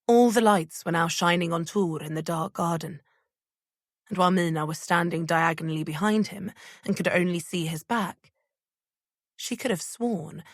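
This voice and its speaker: A woman reading an audiobook thriller in scripted narration, measured and even. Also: fairly low pitch, no echo, studio quality.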